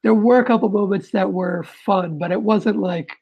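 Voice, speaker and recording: A man speaking as a guest in a casual chat, with a dry, understated way of talking. His voice is gravelly and husky. He keeps a mid pitch throughout. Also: normal speed, muffled recording.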